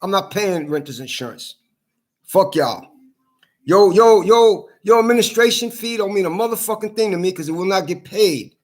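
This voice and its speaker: A man's voice: sits high, lively intonation, a little fast. A man in an angry, heated rant to camera, swearing a lot and repeating himself. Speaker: vlogger.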